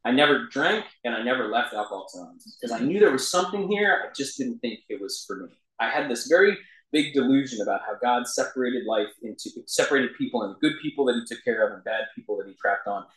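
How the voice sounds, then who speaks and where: Guy telling his recovery story, pokes fun at himself, mid-pitched voice, echoey room. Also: animated, quick pace, fairly bright tone. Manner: self-deprecating, laughs through his own story. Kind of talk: personal storytelling talk. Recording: roomy echo.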